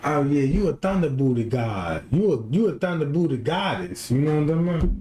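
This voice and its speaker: A young man rants on a livestream in an animated, joking way. He keeps dropping into mocking impressions. The room around him has a roomy echo. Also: fairly high pitch, a little fast. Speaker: livestream host. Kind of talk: casual livestream rant.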